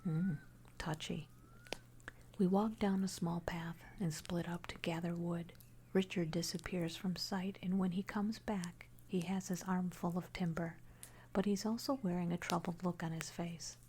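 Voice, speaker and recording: A woman narrating a first-person horror story in a hushed, unvoiced whisper throughout. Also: on the low side, fairly even intonation, normal speed, a little hiss or hum.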